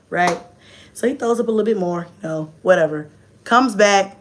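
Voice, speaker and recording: A young woman, telling a story in a casual vlog, expressive and swearing freely. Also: a little fast, a little hiss or hum. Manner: expressive, swears freely, swings from low asides to shrieking and laughing. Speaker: vlogger.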